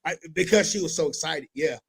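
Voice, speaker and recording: A man hosting a casual podcast, telling stories with animated delivery and sudden loud impressions. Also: on the high side, a little fast, gravelly, breathy edge, low-quality recording. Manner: animated storytelling, breaks into loud shouted impressions. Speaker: podcast host.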